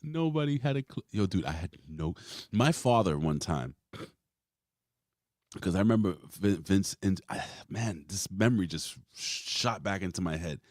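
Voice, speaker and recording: A man's voice: low voice, normal speed, no echo, studio quality. A man in his forties hosting a casual wrestling podcast, rambling and swearing as he tells stories. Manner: rambling, swears freely, animated storytelling. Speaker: podcast host.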